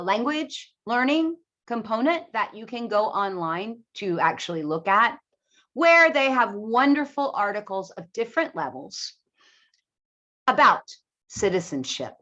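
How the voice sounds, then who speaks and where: An ESL teacher presents to fellow teachers in a clear, emphatic teaching voice with lively intonation. Her pitch is on the high side, and the recording sounds muffled.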